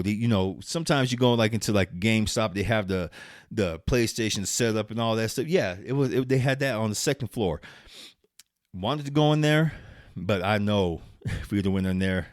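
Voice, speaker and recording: A middle-aged man from Arizona spins a loose, rambling road-trip story for his vlog. His voice sits a little low, and the sound is close and dry with no room around it. He curses casually, laughs at his own jokes and restarts his sentences often. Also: smooth, no echo. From Arizona, USA. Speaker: vlog host.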